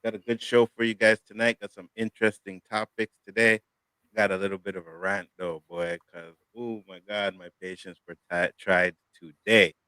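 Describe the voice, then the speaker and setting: A man's voice: low voice, normal speed, smooth, no room sound. A man hosting a casual panel talk show, telling a long story in a profane, worked-up way. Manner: profane, animated storytelling rant. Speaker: show host.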